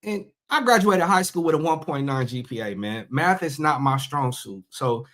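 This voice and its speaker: A man's voice: a little high, animated, a bit bright. Man musing in a loose casual monologue. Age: middle-aged. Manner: conversational, drawn-out emphatic phrasing. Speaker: podcast host.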